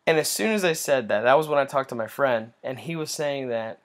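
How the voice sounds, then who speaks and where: A young man getting over a cold, giving an earnest, halting personal faith testimony with many restarts. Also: mid-range voice. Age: young adult.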